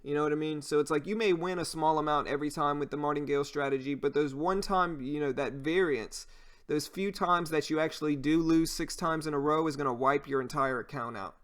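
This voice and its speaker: A man with a Cajun accent talks casually on a live stream, answering chat and walking through trading ideas. His voice sits a little high for a man, and his speech is loose, with frequent fillers. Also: brisk, a bit bright, clear, resonant tone.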